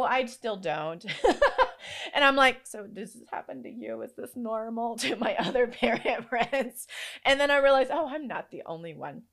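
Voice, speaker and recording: Woman podcaster in her 30s, chatty and open, laughs a lot, mid-pitch voice. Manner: candid, animated, laughs often. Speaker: podcast host. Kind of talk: personal storytelling monologue.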